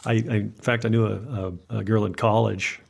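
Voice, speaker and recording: A man's voice: lowish voice, flat delivery, normal speed, vocal fry, slightly rough. A man who is a city mayor, the guest on a podcast, chatting casually and poking fun at himself, often tagging on "right?". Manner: self-deprecating, rambling, says "right?" a lot. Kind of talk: casual chat.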